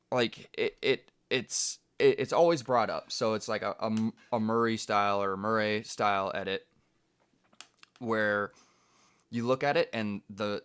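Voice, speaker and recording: A man's voice: on the low side, a bit bright, smooth. A man co-hosting a casual review show, rambling and restarting as he thinks aloud about video edits. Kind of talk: casual podcast chat.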